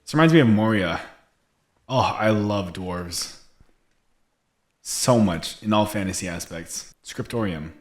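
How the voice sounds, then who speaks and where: An unhurried, animated man with a voice on the low side gives casual game commentary, leaving long pauses. He reads in-game texts aloud, laughs often, and restarts his sentences as he streams.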